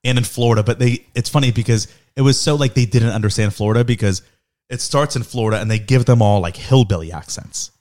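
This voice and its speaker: A man's voice: medium pitch, fast, a little mellow. A young man co-hosting a casual podcast, reading news items aloud and joking with his friends. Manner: reads news items aloud, jokes and laughs often. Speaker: podcast co-host. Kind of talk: casual chat.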